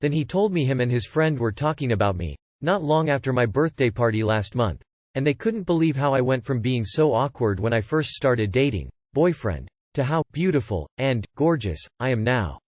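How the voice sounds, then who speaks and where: A man's voice: mid-range voice, animated, moderate pace, a little mellow, no echo. Man reading forum posts, dry close sound. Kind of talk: scripted narration.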